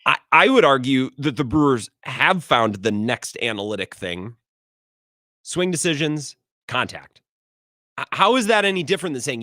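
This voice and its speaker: Animated, bright-voiced sports radio host. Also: male voice, a little high, normal speed, no room sound, clean studio sound. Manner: argumentative, stumbles and repeats words. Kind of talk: opinionated sports talk. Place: radio studio.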